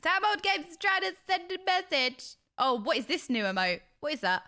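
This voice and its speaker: A woman's voice: high-pitched, big pitch swings, moderate pace, pushed and bright. A woman streaming a game, chatting casually with viewers in an effusive, talkative way. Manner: chatty and self-described yappy; effusive, uses extreme language. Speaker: livestreamer. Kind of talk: casual livestream chat with viewers.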